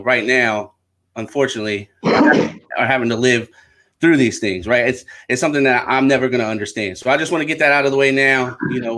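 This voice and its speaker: A man's voice: medium pitch, a bit bright. A man hosting a podcast discussion, thoughtful and earnest, often checking in with "right?". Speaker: podcast host.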